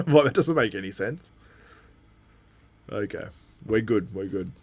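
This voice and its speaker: A man casually commenting on a live event for his stream, chatty and quick to restart his sentences. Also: lowish voice, expressive. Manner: chatty, with frequent restarts and laughter. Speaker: livestream host.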